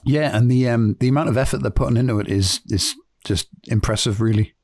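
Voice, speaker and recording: A man's voice: medium pitch, fairly quick, a little mellow, no room sound. Sarcastic man, dry close sound. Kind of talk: casual political chat.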